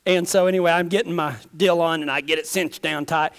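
A high-pitched man preaching in a loose, folksy storytelling way. He is a pastor who rambles through a personal tale and acts out the voices of the people in it. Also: fairly even intonation, brisk, smooth. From Texas. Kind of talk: storytelling sermon with closing prayer.

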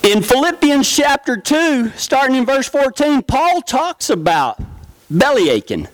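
Middle-aged West Texas preacher, down-home joking delivery, high-pitched voice, dry recording. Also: male voice, sing-song, a little slow, dry recording, rough recording. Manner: storytelling, down-home, joking with congregation. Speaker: pastor. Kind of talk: folksy sermon.

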